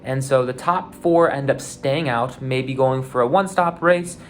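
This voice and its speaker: A man's voice: mid-range voice, unhurried, a little hiss or hum. A man hosting a show, giving a loose, unscripted recap of a car race, with lots of fillers and restarts. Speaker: podcast host recapping a race.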